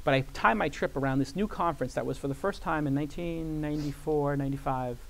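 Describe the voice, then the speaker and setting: A man on stage spins a long story at a brisk, tumbling pace. His voice sits a bit high, and he acts out what others said, with plenty of "like" along the way. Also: gravelly, a little hiss or hum. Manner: animated storyteller who acts out quoted voices, many "like" fillers. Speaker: guest. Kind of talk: storytelling interview. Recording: live event with audience.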